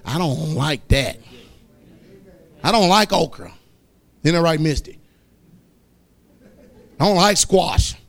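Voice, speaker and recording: In a fiery sermon, a high-pitched pastor questions the congregation while shouting out scripture slowly and at length.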